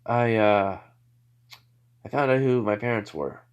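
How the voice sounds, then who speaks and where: A man's voice: on the low side, measured pace, clean tone, lightly acted. A man voicing a cocky, playful teenage male ninja in a spoken fan story, in a casual, teasing way. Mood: offhand.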